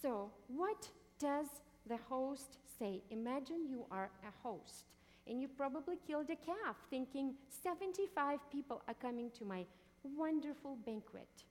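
Woman teaching scripture, high voice in a hall. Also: a little mellow. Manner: asks the listeners questions and answers them. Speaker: Bible teacher. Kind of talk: teaching sermon.

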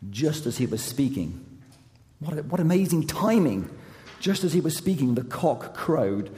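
A pastor with a croaky, hoarse, mid-range voice preaches a sermon at a moderate pace in a large hall. He is emphatic at times, then drops to soft, intimate tones.

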